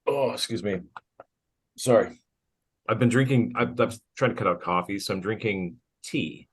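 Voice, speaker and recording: A man's voice: fairly low pitch, normal speed, breathy edge. A man hosting a podcast, a tattooer who swears a lot and jokes, tired. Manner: swearing, joking, animated. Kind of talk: casual podcast chat.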